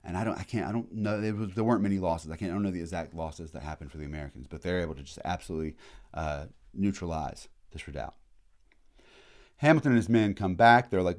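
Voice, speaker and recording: A man giving a casual, animated history lecture, full of slang and quick acted-out asides. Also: low voice.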